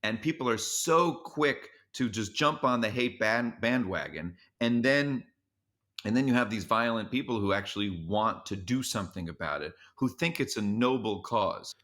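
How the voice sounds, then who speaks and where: Comedian guy on a podcast, bright punchy voice, animated, lots of restarts. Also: fairly low pitch. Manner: animated, quick restarts and repeats. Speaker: comedian guest. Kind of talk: podcast interview storytelling.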